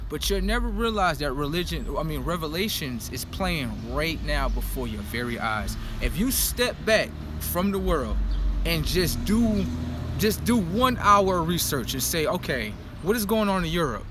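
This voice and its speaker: A man's voice: on the high side, animated, normal speed, noisy background. A man in a casual monologue rant, insistent, repeatedly saying look and pay attention.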